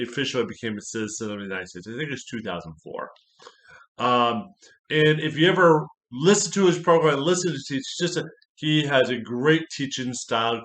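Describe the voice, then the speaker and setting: A pastor doing a casual book review, rambling and enthusiastic, with many fillers and self-corrections. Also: male voice, medium pitch, fairly bright tone. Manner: enthusiastic, repeats praise.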